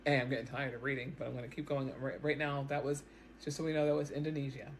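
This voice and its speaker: A woman vlogs news commentary straight into her own camera, explaining events loosely and animatedly while often doubling back and repeating words. Her low-sitting voice is clear, with a faint hum of noise behind it from her self-recorded setup.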